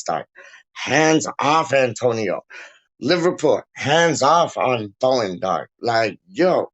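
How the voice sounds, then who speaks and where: Man as excitable fan-stream host, mid-pitched, slangy, stop-start, says "dog" constantly. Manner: slangy, says "dog" and "yo" often, many restarts; hyped and excitable. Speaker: football fan channel host. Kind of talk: casual livestream chat.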